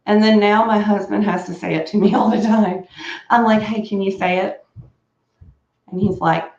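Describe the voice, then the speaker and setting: A woman's voice: medium pitch, steady tone, normal speed, creaky, darkish tone, roomy sound, muffled recording. A woman chatting casually while getting ready at home, bubbly and rambling, laughing often and prone to coughing fits. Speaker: beauty vlogger. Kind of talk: casual chat.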